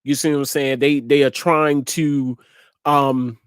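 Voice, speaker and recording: Slow-talking man with a dry sound. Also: mid-range voice, level tone, clear, resonant tone, dry recording. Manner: laughs often, repeats words, slangy. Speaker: show host. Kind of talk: casual chat to a live audience.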